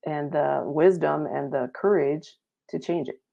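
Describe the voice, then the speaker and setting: An earnest woman guest talks reflectively about her inner path. Her voice is low and gravelly with vocal fry. The audio is dull and lo-fi. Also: unhurried. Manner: earnest, reflective, laughs lightly. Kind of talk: casual spiritual talk-show chat.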